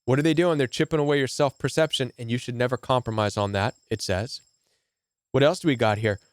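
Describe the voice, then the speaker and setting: A man speaking as a relationship coach delivers emphatic commentary to camera, repeating himself and often asking a rhetorical "right?" His voice is mid-range and fairly quick, in a dry recording.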